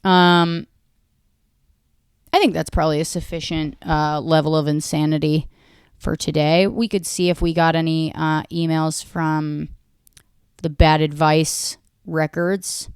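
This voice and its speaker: A woman's voice: sits low, little pitch movement, a little slow, clear, resonant tone, no echo. Self-mocking American woman, rambling and crude. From United States. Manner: talks to her dog mid-show. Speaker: podcast host. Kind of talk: casual solo monologue.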